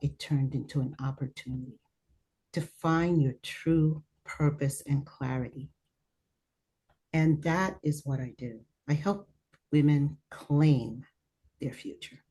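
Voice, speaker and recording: A woman's voice: sits low, slow pace, mellow, slightly rough. Earnest Cuban woman. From Cuba. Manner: earnest, mixes in Spanish phrases. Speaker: panelist, coach for women. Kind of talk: speaking on a panel.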